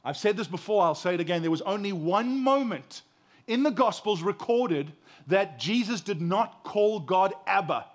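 A man in his forties preaching a sermon as a pastor, impassioned, dropping from loud emphasis to hushed tenderness and repeating words as he builds a point. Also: high-pitched, animated, normal speed.

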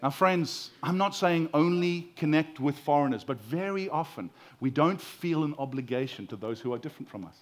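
A man's voice: on the high side, lively intonation, normal speed, few pauses. A man in his forties preaching a sermon as the pastor, telling stories in a conversational way and often repeating his first words. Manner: conversational storytelling, repeats words when starting.

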